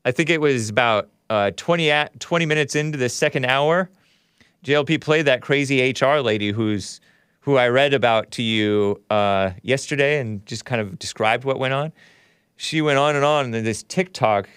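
A man's voice: mid-range voice, moderate pace, fairly bright tone, clear, resonant tone, no echo, studio quality. A man hosting a livestream show, reading viewer chats aloud and giving blunt, opinionated commentary as he thinks aloud.

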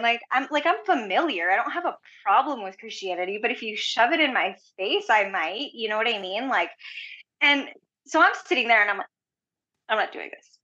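Woman guest, casual storyteller, animated and chatty, crisp bright tone, muffled lo-fi recording. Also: fairly high pitch. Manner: chatty, heavy use of "like", animated retelling. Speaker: podcast guest. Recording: dull lo-fi audio.

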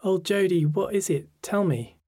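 A man voicing a caring, blunt young woman who swears easily and turns quick and concerned. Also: high voice, dark tone, voice pushed up. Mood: casual. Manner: quick, concerned, slightly panicked.

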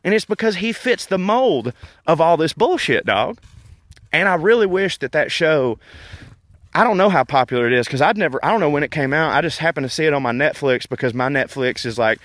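A man's voice: fairly high pitch, fairly quick, dry recording. Profane, wry man ranting outdoors. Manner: profane, wry and animated, laughing between points. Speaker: podcast host. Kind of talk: casual walking rant. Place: outdoors walking in a park.

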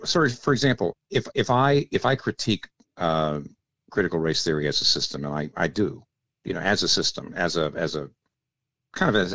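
Deep-voiced theologian man, teacherly. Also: no echo. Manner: measured, teacherly, often drops to a quiet aside. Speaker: theologian guest. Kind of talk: explanatory interview talk.

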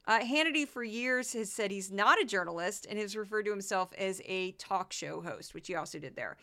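A woman hosting a podcast, giving animated, sarcastic political commentary. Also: medium pitch. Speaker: podcast host.

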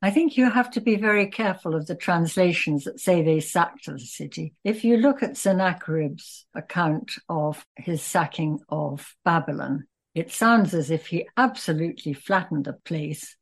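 A woman's voice: fairly low pitch, animated, moderate pace, few pauses, husky. Wry older British woman scholar. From Britain. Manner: wry and matter-of-fact, with laughs. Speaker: scholar guest. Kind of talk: casual interview conversation.

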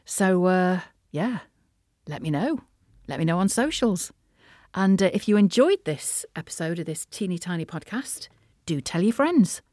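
A woman talks through her day on her own small podcast, lively and quick to poke fun at herself. Her voice sits on the low side, and the recording is dry and close with no room echo. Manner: chatty, self-deprecating, animated. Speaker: podcast host, composer and voice actor. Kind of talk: casual solo podcast chat.

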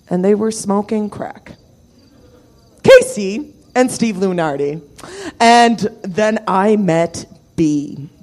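A woman's voice: medium pitch, a little mellow. A woman telling a rowdy, profane story at a live show, acting out her friends' voices as she goes. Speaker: storyteller guest.

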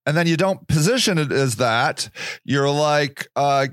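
Sarcastic rambling man, lively pitch. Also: unhurried, no echo, studio quality. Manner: sarcastic, rambling, mocking voices. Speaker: podcast host. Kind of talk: casual solo monologue.

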